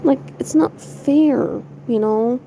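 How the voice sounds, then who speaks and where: A woman's voice: high-pitched, takes it slowly, dark tone, slight background noise, low-quality recording. A young woman streamer chatting casually to her viewers, rambling, giggly and swearing a lot. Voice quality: gravelly fry.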